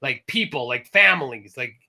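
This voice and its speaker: A man's voice: mid-range voice, normal speed, vocal fry. A man co-hosting a casual talk show, rambling and correcting himself as he goes. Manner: rambling, self-correcting, animated. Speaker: podcast co-host. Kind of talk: casual chat.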